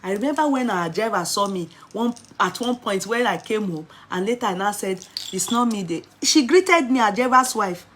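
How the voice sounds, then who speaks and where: A woman in her forties with a Nigerian accent, telling a personal story in an animated way and slipping into Nigerian Pidgin. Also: medium pitch, normal speed, hardly any pauses, slight background noise.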